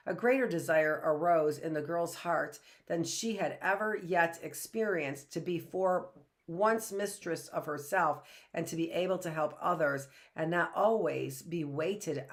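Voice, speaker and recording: A woman with a low, even voice reads a storybook aloud the way a teacher would. She takes her time, stays gentle, and now and then stops to restart a word. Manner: slow, gentle reading with small restarts.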